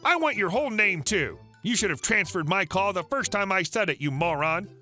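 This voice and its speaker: A man's voice: high-pitched, expressive, a little fast, pushed and bright, soft background music. A man voicing a rude, entitled woman caller who insults and demands. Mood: angry.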